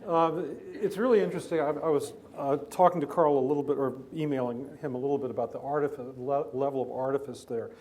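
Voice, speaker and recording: A man speaking as a biographer at a festival event, thoughtful and analytical, often pausing and restarting. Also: mid-range voice, steady tone, darkish tone. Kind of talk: literary talk at a festival. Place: stage event before an audience.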